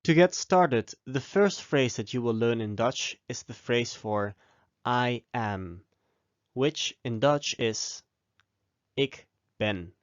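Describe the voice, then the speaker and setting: Man teaching a slow, clear lesson. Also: medium pitch, dry recording, muffled recording. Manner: slow, deliberate model pronunciation with pauses for repeating. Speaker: language teacher. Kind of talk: scripted language lesson.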